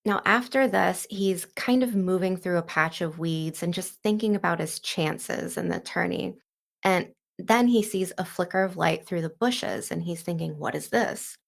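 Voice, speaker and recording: A woman's voice: fairly low pitch, moderate pace, gravelly. A woman hosting a casual book breakdown, chatty and full of fillers like "like" and "kind of". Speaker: book discussion host.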